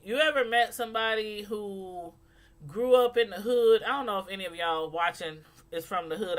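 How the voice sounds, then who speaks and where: A woman speaking African American Vernacular English, chatting casually to camera as a reviewer, animated and laughing often as she acts out voices. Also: lowish voice. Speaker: YouTube reality-show reviewer.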